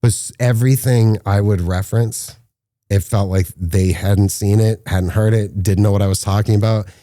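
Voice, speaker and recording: Low dark-toned guy on a podcast, tells set stories, does the voices, dry sound. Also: moderate pace, dry recording. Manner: animated storyteller, acts out quotes with rising pitch. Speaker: filmmaker guest. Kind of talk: casual podcast interview storytelling.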